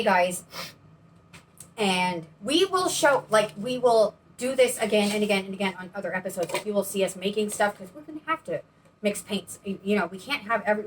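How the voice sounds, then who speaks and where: A woman co-hosting a painting channel, chatting in a bubbly, rambling way while she demonstrates paint pouring. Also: mid-range voice. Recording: distant mic with faint background noise.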